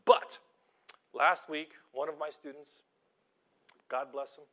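A man preaching an informal sermon, telling stories from his teaching job in an animated, self-deprecating way, dropping to quiet asides and rising to loud emphasis. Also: on the high side, takes it slowly. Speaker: preacher and schoolteacher.

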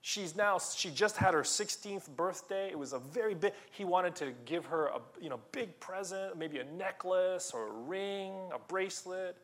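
A man preaching a sermon in an animated way, repeating words and rising to loud emphasis. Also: high-pitched, moderate pace, hardly any pauses. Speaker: pastor.

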